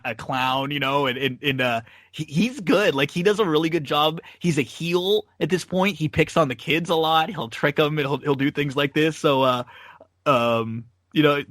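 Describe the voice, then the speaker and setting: A man's voice: medium pitch, fairly bright tone, no echo, studio quality. A man hosting a podcast, chatting casually about old wrestling matches, rambling with lots of fillers and restarts. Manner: rambling, many fillers and restarts, laughs often. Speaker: podcast host. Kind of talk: casual wrestling rewatch chat.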